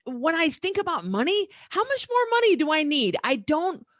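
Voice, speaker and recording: A woman's voice: extremely high pitch, very animated, moderate pace, dry recording. A middle-aged woman, a diet coach, talking openly and emotionally as a podcast guest. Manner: emotional, earnest, open. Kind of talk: candid interview talk.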